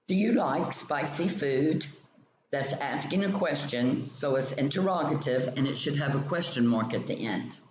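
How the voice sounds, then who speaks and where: Slow, methodical male grammar teacher. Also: on the high side. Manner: slow, methodical explanation with example sentences. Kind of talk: reading a grammar textbook lesson aloud. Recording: roomy, dull lo-fi sound with faint ambient noise.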